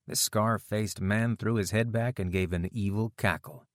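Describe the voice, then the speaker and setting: A man narrates an audiobook from a script in a steady, measured way. His pitch is fairly low, and the studio-quality recording has no echo.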